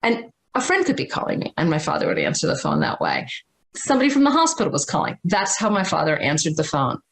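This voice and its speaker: A woman's voice: low voice, huge pitch swings, creaky. Dramatic woman telling a personal story. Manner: dramatic, emphatic, with slowed stresses and repeated words. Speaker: spiritual teacher and guest.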